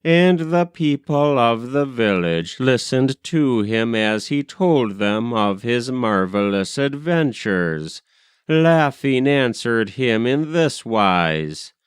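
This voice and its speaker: A man reading narrative poetry aloud with a rhythmic, measured verse delivery. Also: mid-range voice, lively intonation, clear, resonant tone, dry recording, studio quality.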